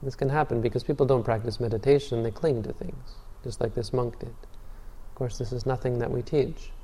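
A man teaching meditation in a Buddhist dharma talk, with calm storytelling. His voice is mellow and dark. He often restarts and repeats words, and the sound trails off into a long hall reverb. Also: mid-range voice, moderate pace, a little hiss or hum.

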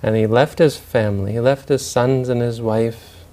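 A man's voice: mid-range voice, steady tone, moderate pace, mellow. A man telling a story aloud in a loose, unscripted way, with restarts and asides. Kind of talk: spoken storytelling talk.

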